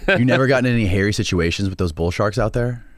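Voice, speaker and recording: A man's voice: on the low side, fast, dry recording, studio quality. A man hosting a podcast, reacting in casual chat and swearing freely. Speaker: podcast host.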